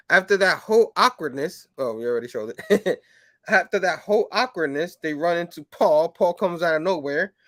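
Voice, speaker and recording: A man hosting a casual comic review show, rambling with lots of fillers and breaking into animated quoted bits. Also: on the high side, normal speed, no room sound. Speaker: comic book show host.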